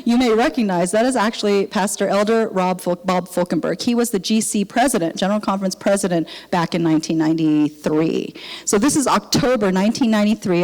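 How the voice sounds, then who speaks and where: An older woman, a missionary speaker, giving an animated testimony in church and acting out the dialogue of her story. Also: medium pitch. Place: church sanctuary. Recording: long reverb of a church hall.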